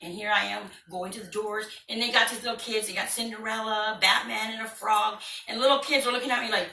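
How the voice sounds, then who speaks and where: Woman comic, bright slightly high voice, animated storyteller, roomy distant sound. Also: a little fast, creaky, a little hiss or hum. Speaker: stand-up comedian. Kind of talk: stand-up comedy routine.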